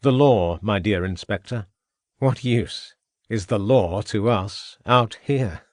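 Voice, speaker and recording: Casting: a man playing a gloating, murderous Victorian gentleman villain, low sneering voice, dry close sound. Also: slow pace, no echo. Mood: mocking.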